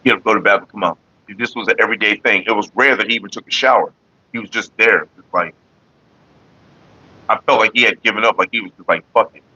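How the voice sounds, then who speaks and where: A middle-aged man chats bluntly and profanely with his livestream viewers. His voice is bright and forceful, and it sits in a dry, close-sounding space. The recording is a little dull and lo-fi. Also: lowish voice, fast talker, no room sound. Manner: blunt and profane, talks straight to chat. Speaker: livestream host. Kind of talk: casual livestream chat with viewers.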